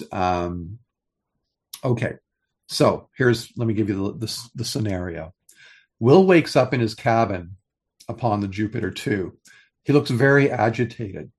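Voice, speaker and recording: An older man co-hosting a podcast in casual chat, pitching story ideas with enthusiasm and frequent restarts. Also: breathy edge. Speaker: podcast co-host.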